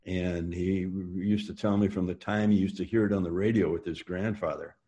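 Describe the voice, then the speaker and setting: A man's voice: sits low, steady tone, moderate pace, mellow, dull audio. A man being interviewed, telling long rambling stories with frequent fillers and restarts. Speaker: interview guest. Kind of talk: storytelling in a casual interview.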